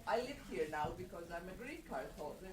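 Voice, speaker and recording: A woman's voice: lowish voice, sing-song, fairly quick, a crowd in the background. A woman from Montenegro with a Montenegrin accent, an audience member giving brief, hesitant answers to a comedian. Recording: off-mic in a noisy laughing club.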